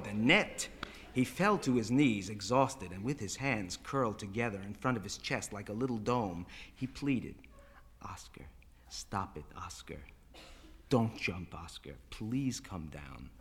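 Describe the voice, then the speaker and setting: A man narrating a story aloud with animated, dramatic delivery. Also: medium pitch. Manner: animated, voices characters.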